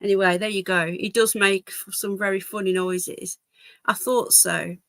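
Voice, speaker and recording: A woman's voice: mid-range voice, steady tone, normal speed, fairly bright tone, dry recording. A woman hosting a casual live stream from home, chatting to viewers and her dogs. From England. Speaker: livestream host. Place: home, indoors.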